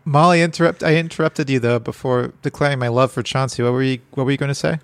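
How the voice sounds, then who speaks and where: A man's voice: medium pitch, fairly even intonation, fast, clean tone, dry recording. Laughing man co-hosting a podcast. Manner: laughs often, restarts while describing comics. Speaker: podcast co-host. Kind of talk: casual chat.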